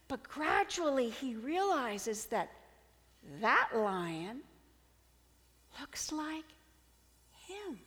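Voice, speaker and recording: A woman preaching a sermon, telling a fable in an expressive storytelling manner with dramatic swings in volume. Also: a little high, slow, pauses often, long reverb tail.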